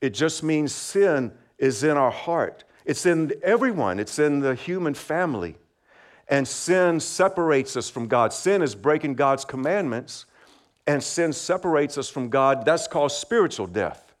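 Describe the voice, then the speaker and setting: A man's voice: fairly high pitch, expressive, unhurried. A man preaching a simple sermon, friendly and encouraging, asking the congregation to repeat words back and laughing lightly between points. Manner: friendly, asks for call-and-response, laughs often. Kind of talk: children's sermon.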